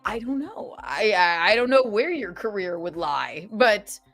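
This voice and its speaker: A woman hosting a casual livestream podcast, reading super chats aloud and venting sarcastically, swearing freely and swinging from loud outbursts to low mutters. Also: animated, a little slow, soft background music. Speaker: streamer and podcast host.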